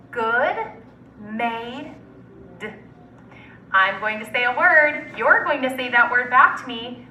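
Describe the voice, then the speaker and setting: Woman teacher, high voice, slow word-by-word phonics drill, recorded from a distance with faint background noise. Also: sharp tone, reverberant. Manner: slow, deliberate word-by-word enunciation.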